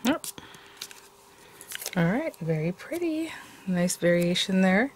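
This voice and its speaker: A woman's voice: mid-range voice, sing-song, slow pace, background noise. A woman hosting a casual papercraft tutorial, chatty and thinking aloud with many ums as she works. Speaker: papercraft channel host.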